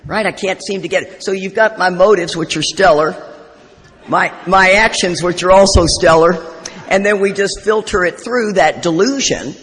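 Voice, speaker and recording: A woman's voice: fairly low pitch, moderate pace. A middle-aged woman telling humorous, self-deprecating stories at a recovery convention, rambling as she goes. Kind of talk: storytelling recovery talk. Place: convention hall. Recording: live talk in echoey hall.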